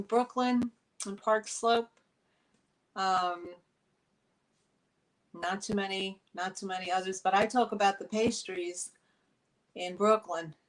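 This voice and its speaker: A woman from New York with a New York accent, running a chatty live sale of vintage items into her phone, filling pauses with ums. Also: mid-range voice, rough recording. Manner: chatty, friendly, many fillers. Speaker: online vintage seller.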